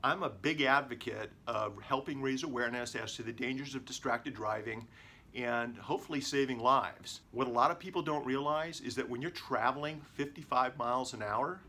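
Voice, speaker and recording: A middle-aged man, a lawyer, presenting video communication tips to camera in an animated way, shifting his tone and volume for emphasis. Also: medium pitch, normal speed, a little hiss or hum.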